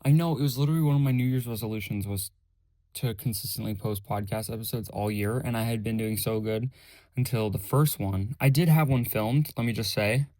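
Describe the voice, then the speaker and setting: A young man hosting his own podcast, chatting casually with a rambling, self-correcting, rather monotone delivery. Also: on the low side, brisk, no room sound. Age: young adult. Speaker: podcast host. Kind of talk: casual solo podcast chat.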